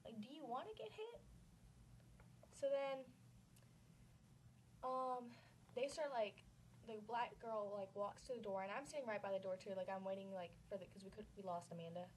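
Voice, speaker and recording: A woman's voice: mid-range voice, normal speed, slight background noise, poor audio. A young woman, telling a story casually and packing it with "like". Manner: chatty, says "like" constantly.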